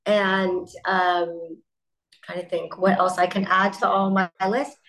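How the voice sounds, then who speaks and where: A middle-aged company founder with a voice on the low side talks as a guest in an interview conversation. The recording is rough, and she tells stories animatedly with quick asides.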